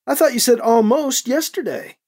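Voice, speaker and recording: Alibi, the reader doing a firm, steady male leader. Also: mid-range voice, normal speed, voice pushed up, natural voice. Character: steady male fighter leader, calm and dry.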